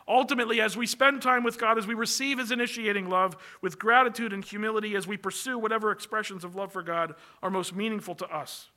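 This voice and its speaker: A man's voice: high-pitched, fairly even intonation, quick pace, hardly any pauses, bright, forceful tone. A man preaching a sermon from the pulpit, earnest and emphatic, building long lists as his energy rises. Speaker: pastor.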